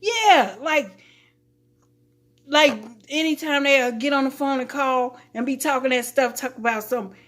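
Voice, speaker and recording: Animated woman telling a story. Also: high-pitched, moderate pace. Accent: Chicago. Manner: animated, acts out quotes, laughs often. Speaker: live streamer. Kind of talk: casual storytelling to stream viewers.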